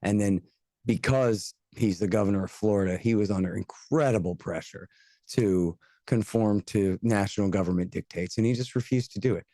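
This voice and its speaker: A man from the United States, a guest on a casual podcast interview, talking bluntly and sarcastically, with fast rants and mocking quoted voices. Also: lowish voice, warm tone, dry recording. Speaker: guest, antiwar radio host and author.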